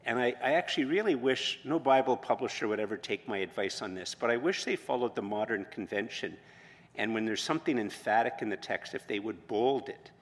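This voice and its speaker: Guy preaching a chatty sermon, lots of ums and restarts, long echo of a big hall. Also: medium pitch. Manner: conversational, many fillers and restarts. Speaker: pastor.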